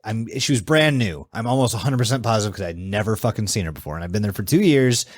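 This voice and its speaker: A man's voice: on the low side, animated, quick pace, no room sound. A young man co-hosting a podcast, telling a story in casual, profane chat and acting out what people said. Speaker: podcast co-host.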